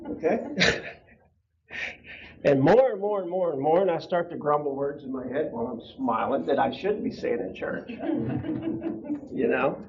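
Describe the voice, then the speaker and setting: A man's voice: a little high, big pitch swings, normal speed, pauses often. Lo-fi recording of a chatty class teacher, a man. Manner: conversational, laughs often, asks the class questions. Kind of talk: casual storytelling to a class. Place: church classroom. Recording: dull lo-fi room recording.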